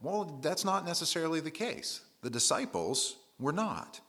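A man's voice: fairly high pitch, big pitch swings, normal speed, gravelly, pushed and bright. A man preaching a conversational sermon, retelling scripture in everyday words with casual asides.

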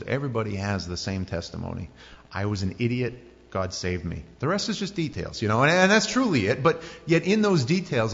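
Low-voiced preacher in an echoing hall. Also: male voice, lo-fi sound. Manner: conversational preaching, acts out quoted voices. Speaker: pastor. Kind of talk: sermon.

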